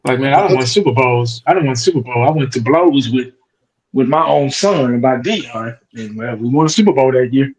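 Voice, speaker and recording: A man's voice: mid-range voice, expressive, fairly quick, slightly rough, low-quality recording. A man in casual sports talk, musing aloud and asking rhetorical questions.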